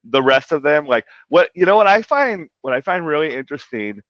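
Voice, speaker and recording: A man's voice: fairly high pitch, very animated, a little fast, no room sound. A man guest talking casually about translating a comic, rambling with lots of "like" and "you know". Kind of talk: casual interview talk. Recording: dull lo-fi dry audio.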